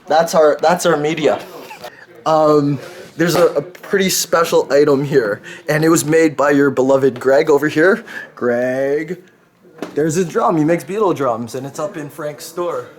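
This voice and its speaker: Man, chatty, laughs a lot, slightly high voice, casual shop tour. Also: a little slow. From Canada. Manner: chatty, laughs often, uses "check this out". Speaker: vlog host touring a shop. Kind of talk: casual walkthrough chat.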